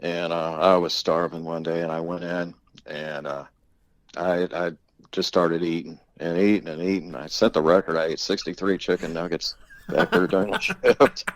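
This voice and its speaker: Deep-voiced older man telling rambling stories. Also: little pitch movement, moderate pace, no room sound, rough recording. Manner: rambling, laughs often, swears freely. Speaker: interviewee, father of the host. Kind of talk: casual storytelling.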